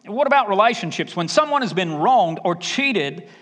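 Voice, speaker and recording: A man with a Southern accent preaching a sermon, emphatic and conversational, dropping to quiet asides. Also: sits high, big pitch swings, moderate pace. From Alabama. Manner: emphatic, varies loudness, drops to quiet asides. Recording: reverberant hall.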